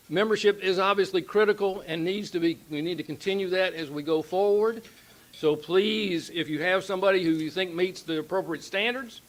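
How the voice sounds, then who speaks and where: A man's voice: high-pitched, fairly bright tone. A man reading out member names and urging new members at a club meeting. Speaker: club officer.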